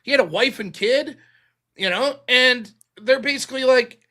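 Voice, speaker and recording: A man with a high, bright voice hosts a political call-in show. He talks in loose, casual stretches, swears freely, and rambles through secondhand stories. His tone stays conversational and unscripted. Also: expressive, normal speed. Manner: profane, rambling storytelling retelling others' words.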